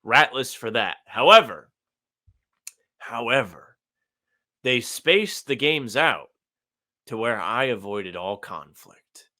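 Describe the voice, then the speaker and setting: A man's voice: medium pitch, expressive, slow, pushed and bright. A young man co-hosting a casual sports podcast, laid-back with dry humor. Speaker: podcast co-host.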